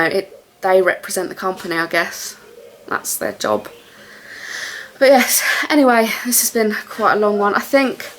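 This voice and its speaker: A woman's voice: medium pitch, fairly bright tone, slight background noise. A young woman chatting casually to camera at home, rambling with lots of fillers. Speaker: vlogger.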